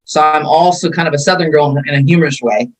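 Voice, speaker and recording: A woman's voice: low-pitched, quick pace, low-quality recording. A woman in her fifties from California, a martial arts instructor telling her life story in a casual interview, acting out the quotes as she goes. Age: 50s.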